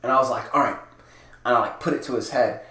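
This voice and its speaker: A young man co-hosting a casual podcast, telling stories in a rambling way, full of "like" and quick laughs. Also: medium pitch, steady tone, pushed and bright. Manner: rambling storytelling, heavy "like" filler, laughs often. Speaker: podcast co-host. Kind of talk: casual chat. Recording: echoey room with faint ambience.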